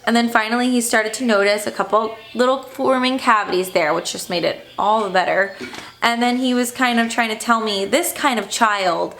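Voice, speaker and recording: Uma mãe jovem que narra num vlog casual uma ida difícil ao dentista, em tom indignado e aflito, com muitas hesitações. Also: female voice, fairly high pitch, brisk, fairly bright tone. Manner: upset, indignant retelling with fillers. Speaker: stay-at-home mom vlogger.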